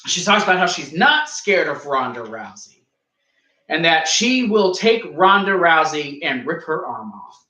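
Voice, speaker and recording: A man's voice: a little high, very animated, measured pace, bright, forceful tone, echoey room, low-quality recording. A young man co-hosting a podcast, joking and ranting in casual wrestling review chat. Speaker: podcast co-host.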